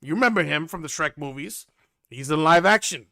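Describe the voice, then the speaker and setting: A man hosting a casual reality-TV recap, animated and sarcastic in a gossipy way. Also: a little high, fairly quick, vocal fry. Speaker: host.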